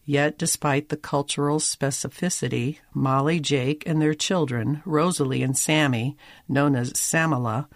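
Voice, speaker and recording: A documentary narrator reads a prepared script at a measured pace, with a wry edge to the storytelling. The voice sits in a middle pitch range. It is recorded close to a studio mic, with a dry, dead sound and no room echo. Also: steady tone.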